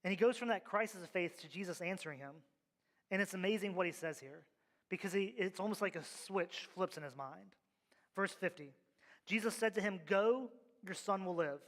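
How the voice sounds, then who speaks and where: A man's voice: high voice, brisk, fairly bright tone. A male pastor preaching a sermon, with emphatic, rhythmic repeated refrains, in a church sanctuary. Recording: long reverb of a large hall.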